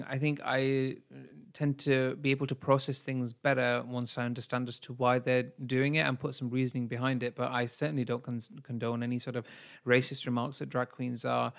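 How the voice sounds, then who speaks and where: Give me a smooth-voiced man chatting bluntly. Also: mid-range voice, level tone, moderate pace. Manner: earnest, blunt, swears freely. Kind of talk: casual podcast chat.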